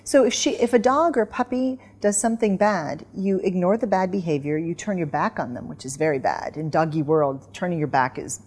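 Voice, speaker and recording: A middle-aged woman, a guest author in an interview, telling lively stories and acting out commands. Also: fairly low pitch, fairly quick, few pauses. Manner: animated storyteller, acts out dog commands. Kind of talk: casual interview chat.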